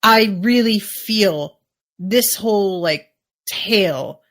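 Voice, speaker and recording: A woman hosts a podcast and talks through a TV episode at an easy, unhurried pace. Her voice sits in a middle register. She muses aloud and scatters "like" through her sentences as she works out her opinions. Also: mid-range voice, a bit bright. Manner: chatty, musing, full of "like" asides. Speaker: podcast host. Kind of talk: casual episode recap.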